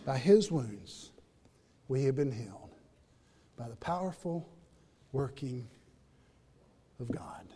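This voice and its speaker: A man preaching a sermon in a church, rising to loud emphatic peaks and dropping to hushed asides. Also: medium pitch, lively intonation, takes it slowly, pauses often, big-room sound, slight background noise. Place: church building during a worship service.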